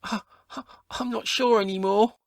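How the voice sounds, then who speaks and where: A woman's voice: on the high side, steady tone, normal speed, no echo, clean studio sound, close to an everyday voice. A woman voicing a clumsy, cheeky male sidekick in a comedy audio play, apologetic and easily amused.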